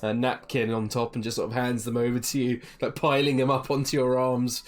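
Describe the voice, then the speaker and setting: A game master narrating a tabletop fantasy game, describing scenes with many ums and halting restarts. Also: mid-range voice, level tone.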